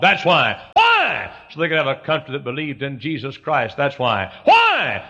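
Preacher guy, middle-aged, bright pushy voice, goes quiet then hollers, muffled old sermon tape. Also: medium pitch. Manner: fervent preaching, swinging from soft to loud cries. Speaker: pastor. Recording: dull lo-fi sermon recording.

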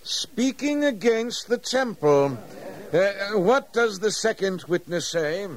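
An actor playing a pompous male high priest in a radio drama, blustering with slow fillers and throat-clearing. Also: animated. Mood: questioning.

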